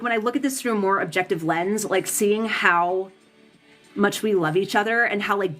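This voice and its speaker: A woman with a mid-range, fairly bright voice is doing a tarot livestream at home on Pacific time. Responding to viewer comments, she rants angrily and swears freely, often tripping over her words and starting sentences again.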